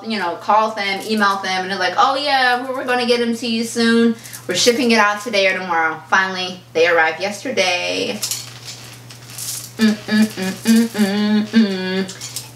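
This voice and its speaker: A woman fashion vlogger in a casual unboxing chat, telling a story in an animated, chatty way and acting out the back-and-forth. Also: medium pitch, a little hiss or hum. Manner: chatty, animated storyteller who acts out quoted exchanges. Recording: roomy echo, mic at a distance, faint kitchen clatter.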